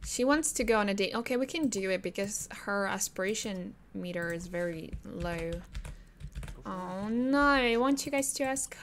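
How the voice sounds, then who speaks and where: A woman's voice: mid-range voice, animated, moderate pace, a little hiss or hum. A woman giving casual gameplay commentary, chatting to the characters on screen and laughing often.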